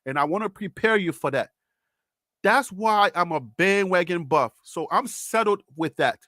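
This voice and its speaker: A man's voice: sits high, expressive, normal speed, sharp tone, no echo, studio quality. A man hosting a live sports talk show, speaking in an impassioned, pleading way and repeating himself. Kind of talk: live sports commentary monologue.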